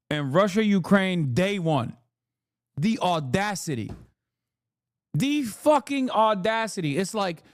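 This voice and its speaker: A man's voice: high-pitched, no room sound, clean studio sound. A man streaming casual political commentary, ranting in a profane, sarcastic, mocking way. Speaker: streamer host.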